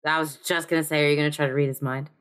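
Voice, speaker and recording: A woman's voice: deep voice, flat delivery, rapid-fire, a bit bright, clear, resonant tone. A woman playing a tabletop role-playing game, chatting in a playful, offhand way. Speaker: player. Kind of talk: casual tabletop game chat.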